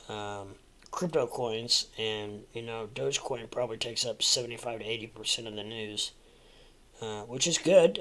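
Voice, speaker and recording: A man's voice: mid-range voice, fairly bright tone, poor audio. A man hosting a casual crypto livestream, rambling through market talk with lots of fillers, restarts and jokey asides.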